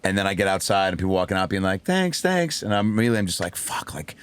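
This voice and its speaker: A man, a comedian, telling a story in a casual podcast chat, animated, acting out voices and swearing freely. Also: low-pitched, very fast, smooth. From raised by a single mother. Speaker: comedian guest.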